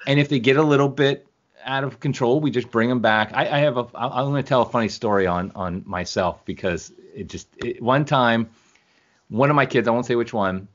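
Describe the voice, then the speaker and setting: A man's voice: medium pitch, a little fast. A middle-aged man chatting as an interview guest, rambling and correcting himself as he goes. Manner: rambling, self-correcting, chuckles often. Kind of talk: casual interview chat. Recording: muffled lo-fi video call audio.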